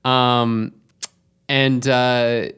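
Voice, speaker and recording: A man's voice: mid-range voice, little pitch movement, drawn-out words, a bit bright, clean tone. A man talks through a movie on a casual podcast, rambling and hesitant. He circles his points with fillers and restarts. His voice sits in an everyday middle range. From Canada. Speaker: podcast co-host.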